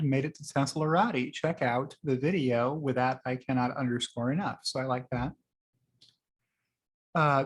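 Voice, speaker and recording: Host, male, higher-pitched, casual rambling commentary full of fillers. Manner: chatty and rambling, with frequent fillers. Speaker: host reviewing liked tweets. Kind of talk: casual screen-share commentary.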